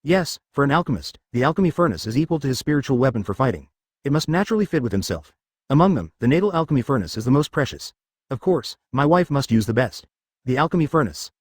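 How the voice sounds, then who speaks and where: A man voicing a gentle, doting immortal emperor who talks to his wife and daughter with a smile, recorded close and dry. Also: medium pitch, very animated, fast, no echo. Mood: gently reassuring. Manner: smiling, reassuring.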